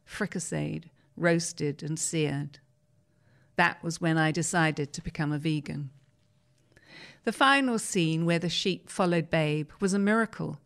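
A woman host reading a newspaper interview aloud in a measured, storytelling way. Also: on the low side. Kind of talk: reading a magazine article aloud.

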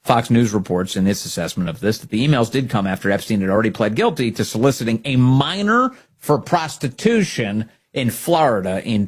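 A man's voice: on the low side, husky. A man hosting a political commentary show, talking in a mocking, sarcastic monologue.

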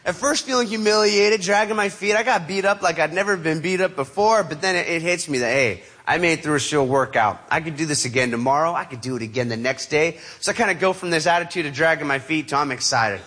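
A man tells a personal story with a bright, forceful voice that sits a little above the usual male pitch. He acts out the people in it with many shifts of tone. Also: fast, hardly any pauses. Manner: animated, acts out quoted voices. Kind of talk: motivational storytelling.

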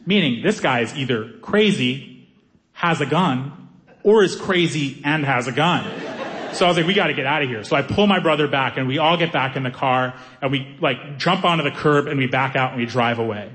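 A man doing stand-up comedy, telling a story in an animated way and acting out the people in it. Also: medium pitch, normal speed. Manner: animated, acts out characters' voices.

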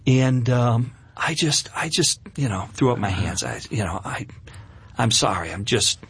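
A middle-aged man telling his life story as a guest on an interview show, emotional and animated, with many restarts. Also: medium pitch, measured pace, husky.

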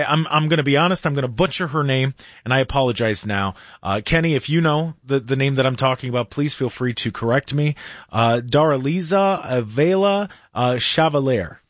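A man's voice: mid-range voice, expressive, moderate pace, fairly bright tone, no room sound, studio quality. A man hosting a talk show, giving sarcastic, rambling political commentary.

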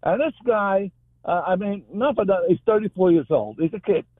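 A man's voice: high-pitched, dry recording. Agitated male caller on a phone line. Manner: agitated, emphatic, halting with fillers. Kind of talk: call-in radio talk.

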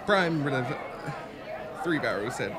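An actor playing a young German backpacker at a winery, with a put-on German accent and a halting, apologetic way of talking. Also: male voice, medium pitch, lively intonation, a crowd in the background, noisy background, close to an everyday voice. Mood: sheepish. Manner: halting, apologetic, stumbles over lines.

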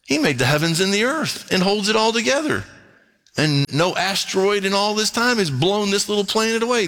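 A man preaching a sermon and reading scripture aloud, with animated pitch swings and quick asides. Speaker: pastor.

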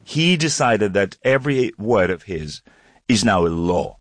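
A man's voice: on the low side, unhurried, dry recording, clean studio sound. A man, speaking ironically and with animation in an interview clip. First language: Russian. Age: 40s. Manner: animated, ironic, pace jumps around. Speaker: comedian and former journalist.

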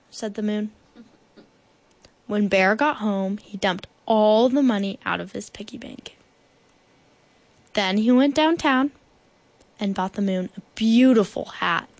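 Slow, unhurried woman reading aloud. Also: mid-range voice, animated, no echo. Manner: slow, deliberate storytelling. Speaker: guest reader. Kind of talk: children's picture book read-aloud.

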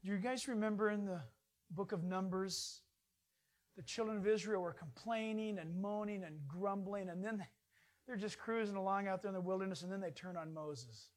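A man preaching an informal sermon in a folksy, jokey way, swinging from loud bursts to hushed asides. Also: high-pitched, normal speed.

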